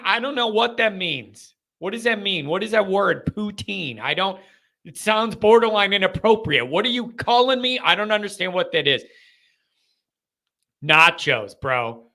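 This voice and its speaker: Young guy host on a live call-in, ranting and joking, high bright voice. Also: measured pace. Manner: animated, ranting, jokey. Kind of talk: live call-in fan chat.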